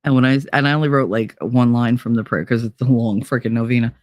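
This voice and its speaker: A middle-aged woman from Hoboken, telling personal stories in a blunt, profane, animated way as a podcast host. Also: very deep voice, quick pace, dry recording, muffled recording. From Hoboken, New Jersey. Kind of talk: casual storytelling.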